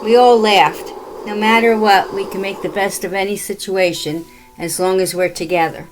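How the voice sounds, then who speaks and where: A woman reading her own first-person ghost story aloud in a plain, steady way. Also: medium pitch, normal speed, music in the background, poor audio. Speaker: author and narrator.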